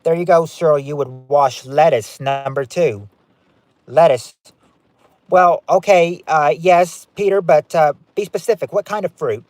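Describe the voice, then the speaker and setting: A fairly high-voiced man hosting a game night on a live stream, reading out guesses and ruling on them in a chatty, running patter. His voice sounds dry and close, with no room echo. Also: unhurried, darkish tone. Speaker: game show host.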